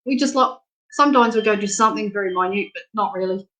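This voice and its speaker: A middle-aged woman with an Australian accent chats through a spiritual reading on a live stream. Her voice sits at an everyday pitch, and her delivery is frank, affectionate and full of easy laughter. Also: fast, a bit bright, a little hiss or hum. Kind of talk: casual live-stream chat.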